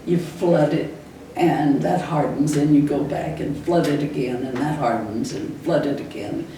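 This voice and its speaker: An older woman recounts her time as a school teacher with affection, chuckling now and again. She speaks low and dark-toned at a measured pace. The audio carries echo from the room, a distant mic and faint noise.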